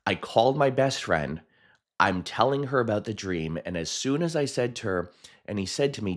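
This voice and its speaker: Guy with a real deep voice telling a story, lots of ums and laughs, swings up and down a lot. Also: brisk. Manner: animated, chatty, laughs often, many fillers. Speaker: hypnotist and video host. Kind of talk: personal storytelling.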